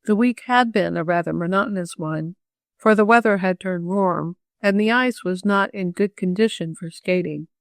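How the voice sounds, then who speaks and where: A woman narrating a children's audiobook in a steady, even reading manner. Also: on the low side, moderate pace, creaky, dry recording, clean studio sound. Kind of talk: scripted narration.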